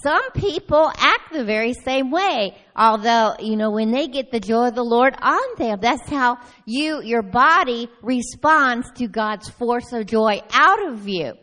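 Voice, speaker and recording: A woman giving an animated personal testimony at a church meeting, telling her story with frequent laughter. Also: on the high side, unhurried, hardly any pauses. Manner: lively storytelling, often breaks into laughter. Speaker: church member sharing a testimony.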